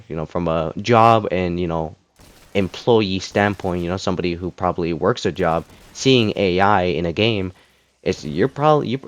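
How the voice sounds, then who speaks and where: A man with a fairly low voice delivers a casual rant about games. He rambles, restarts his sentences and fills gaps with lots of fillers. The sound is dry and close, with almost no room echo. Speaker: gaming commentator.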